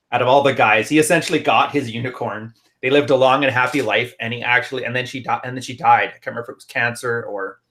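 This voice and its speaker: A man with a Canadian accent co-hosting a casual podcast chat, telling stories briskly and laughing often. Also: medium pitch, a bit bright. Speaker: podcast co-host and relationship consultant.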